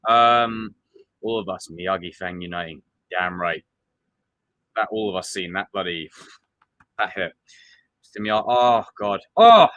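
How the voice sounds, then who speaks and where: Lively, excitable male stream host. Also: lowish voice, moderate pace, no echo, dull audio. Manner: animated, excitable, acts out quotes. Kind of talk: casual live stream commentary.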